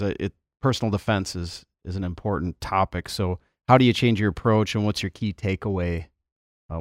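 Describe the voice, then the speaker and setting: A man with a fairly low voice hosts a podcast interview, asking relaxed questions with the odd "uh" and "you know". His voice is dry and close on the mic. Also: no room sound. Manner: easygoing, some fillers. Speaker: podcast host.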